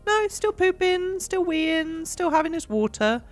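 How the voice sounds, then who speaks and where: A woman's voice: very high-pitched, big pitch swings, a little slow, faint music behind. A young English woman streaming, chatting casually and rambling with lots of giggles while she cleans. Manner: bubbly and giggly, rambling with fillers.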